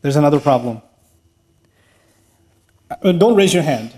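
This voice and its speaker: A middle-aged man gives a talk to a live audience in a large mosque hall. His voice sits fairly high, and he tells his stories in an animated way, slipping in jokes and laughs as he goes. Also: a little slow. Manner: animated storytelling with humor and laughs. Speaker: speaker giving an Islamic talk. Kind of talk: lively lecture to a live audience.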